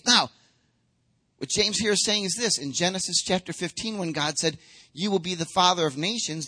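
A man preaching a sermon with a high, bright voice. He talks to the congregation in an emphatic, conversational way and acts out quotes as he goes. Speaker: pastor.

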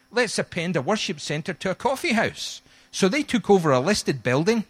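Scottish guy preaching, lively storyteller, slightly high voice, does little voices for people. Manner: animated storytelling, acts out quoted voices. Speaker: pastor. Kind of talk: sermon.

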